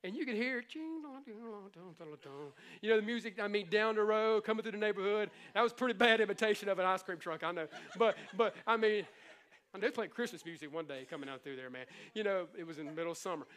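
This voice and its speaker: High-voiced animated male preacher. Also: fast, clear, resonant tone. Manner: animated, conversational preaching with playful impressions. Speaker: pastor. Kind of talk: sermon.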